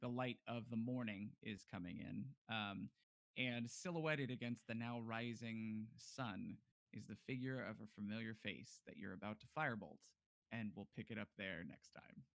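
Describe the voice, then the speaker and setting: A man's voice: on the low side, fairly even intonation, normal speed, vocal fry, a bit bright, no echo. A man running a tabletop game as game master, narrating in a laid-back way with many fillers.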